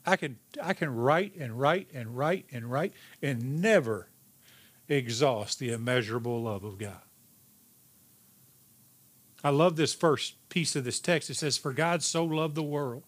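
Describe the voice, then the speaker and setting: A man preaching a sermon as pastor, emphatic, rising in pitch and then dropping to a hushed, slow delivery. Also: lively intonation, slightly rough. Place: church sanctuary.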